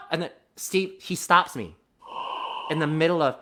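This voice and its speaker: A man being interviewed as a theater actor, telling animated anecdotes and often restarting his sentences. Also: a little high, faint music behind. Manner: animated, quick-talking anecdotes with many restarts. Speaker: guest, musical theater actor. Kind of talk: conversational interview storytelling.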